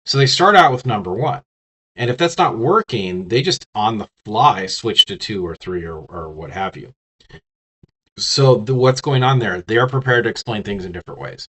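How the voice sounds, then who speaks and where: This man has a lowish, husky voice with a sharp edge, lively intonation and a normal pace. He's hiccuping as he gives a casual lecture on business communication, speaking directly to the listener, often restarting and filling gaps with fillers.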